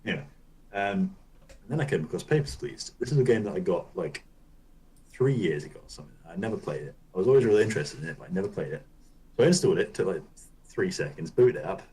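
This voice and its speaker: A man with a deep, low-pitched voice co-hosts a gaming podcast. He talks in a loose, rambling way and swears casually as he explains things. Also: animated, fast, mellow, low-quality recording. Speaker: podcast co-host.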